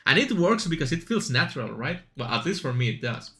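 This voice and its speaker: A man's voice: fairly high pitch, sing-song, brisk, sharp tone, faint music behind. A man streaming a game, chatting casually and rambling with asides and fillers as he plays. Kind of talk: casual chat while gaming.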